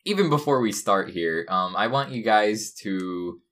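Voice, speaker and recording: A man's voice: fairly low pitch, expressive, measured pace, a bit bright. A young man co-hosting a comedy podcast from a dorm room, talking in a mock-earnest, rambling way. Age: young adult. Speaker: podcast co-host. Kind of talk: casual comedic podcast banter.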